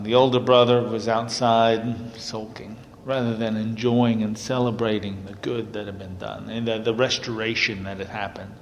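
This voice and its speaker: A man's voice: lowish voice, slight background noise. A male minister giving a sermon in an earnest, conversational way, now and then laughing lightly. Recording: long hall reverb.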